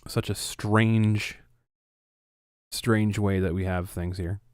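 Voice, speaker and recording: Ranting, profane Canadian podcast host. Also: male voice, fairly low pitch, steady tone, takes it slowly, a little mellow, no room sound, clean studio sound. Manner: profane, ranting, sarcastic, laughs often. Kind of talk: casual podcast chat.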